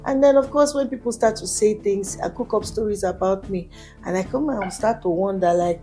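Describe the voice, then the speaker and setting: A woman's voice: medium pitch, normal speed, warm tone, soft background music. A woman singer, a guest in an interview, telling her story with animation and acting out other people's voices when she quotes them.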